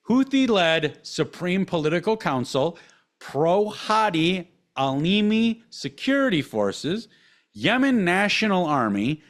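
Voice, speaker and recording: A man's voice: fairly high pitch, a bit bright. A man hosting a podcast, reading out a list with blunt, sarcastic, profane asides. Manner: blunt, sarcastic, swears often, reads lists aloud with asides. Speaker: podcast host. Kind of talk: profane casual commentary.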